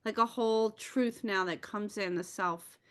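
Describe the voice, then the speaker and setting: A woman's voice: medium pitch, measured pace, clean tone. A woman co-hosting a parenting podcast, speaking openly and reflectively about her own inner life. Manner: open, reflective, self-disclosing. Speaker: podcast co-host. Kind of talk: reflective conversational chat.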